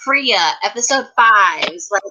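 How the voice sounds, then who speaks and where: A woman's voice: on the high side, animated, measured pace, bright, forceful tone, highs cut off, a little hiss or hum. Enthusiastic woman hosting a fan chat. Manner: enthusiastic, affirming. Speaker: host. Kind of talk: casual fan discussion.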